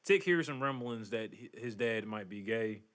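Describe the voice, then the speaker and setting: A man's voice: fairly low pitch, expressive, moderate pace, a bit bright, clean tone. A man co-hosting a casual podcast, recapping a show in a rambling way with lots of fillers. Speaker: podcast co-host. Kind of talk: casual chat.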